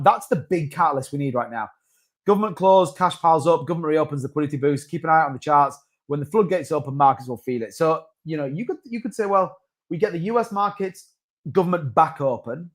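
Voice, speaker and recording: A man hosting a crypto livestream, talking casually and rambling with restarts and asides. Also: a little high. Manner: rambling, chatty, with many restarts and asides to chat. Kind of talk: casual live-stream market commentary.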